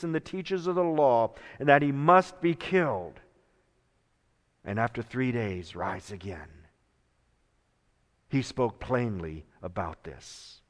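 Slow, dramatic preacher in a reverberant hall. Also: male voice, medium pitch. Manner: slow and dramatic, swinging from hushed to loud. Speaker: pastor. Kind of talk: sermon.

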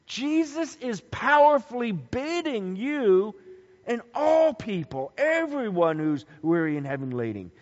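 A man's voice: sits high, very animated, a little slow, darkish tone. A man preaching a sermon as a pastor, telling stories and building emphasis through repetition. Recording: dull lo-fi recording with long hall reverb.

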